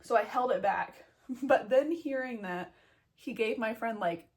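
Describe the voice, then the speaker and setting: A woman's voice: on the high side, measured pace. A young woman telling a story as a vet student in a casual vlog, blunt, self-mocking and full of swearing. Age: young adult.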